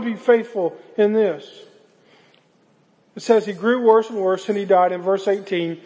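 A man's voice: sits high, fairly even intonation, a little slow, darkish tone, long reverb tail. A man preaching a sermon, retelling a scripture story dramatically and earnestly. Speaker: pastor.

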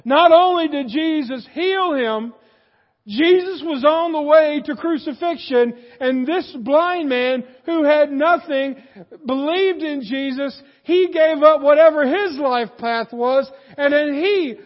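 High-voiced male preacher in a hall. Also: slow pace. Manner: animated, swings from shouts to hushed asides. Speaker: pastor. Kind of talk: sermon. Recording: dull sound, long hall reverb.

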